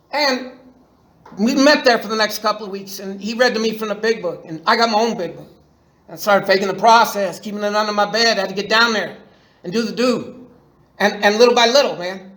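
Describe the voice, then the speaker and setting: In an echoey meeting-room recording, a middle-aged man with a high-pitched, somewhat bright voice gives a personal recovery share. His speech is crude and full of slang, and he often starts sentences over.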